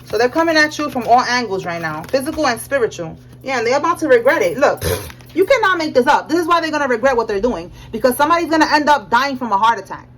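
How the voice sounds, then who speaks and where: A young woman with a high voice talks through a tarot reading in a loose, slangy way. She keeps checking in with "all right?" and laughs often as she goes. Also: animated, quick pace, fairly bright tone, slight background noise, rough recording. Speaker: tarot reader. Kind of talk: casual tarot reading monologue.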